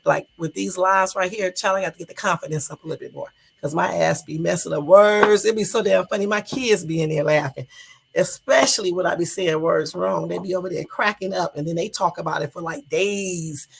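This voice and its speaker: A woman's voice: on the low side, brisk, gravelly, slightly rough. A middle-aged woman hosting a casual livestream chat, rambling and chatty with plenty of swearing, answering viewers' comments as she goes. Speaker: livestream host.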